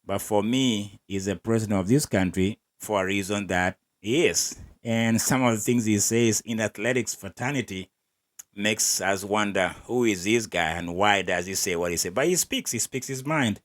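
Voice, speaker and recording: This man hosts an athletics podcast, offering wry, opinionated commentary and laughing between remarks. He speaks at a moderate pace in a fairly low voice.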